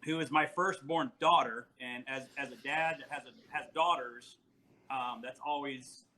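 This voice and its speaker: A man in his forties chats on a podcast, telling family stories with lots of animation and frequent laughs. His voice is bright and forward, at an ordinary middle pitch. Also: measured pace, slight background noise, rough recording. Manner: storytelling, animated, laughs often. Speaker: podcast guest. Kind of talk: casual podcast chat.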